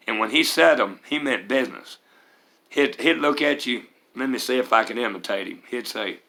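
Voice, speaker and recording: Plain-spoken mississippi guy in his 40s telling his story, lots of uh's, bright tone. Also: medium pitch, lively intonation, moderate pace, creaky. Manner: candid, plain-spoken, with hesitant fillers. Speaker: vlogger sharing his recovery story. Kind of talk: personal storytelling.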